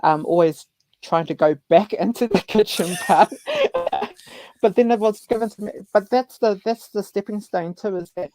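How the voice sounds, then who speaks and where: A man with a New Zealand accent hosting a casual chat, telling stories in an animated way. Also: high voice, moderate pace, very noisy. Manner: animated storyteller who acts out elders' voices. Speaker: host.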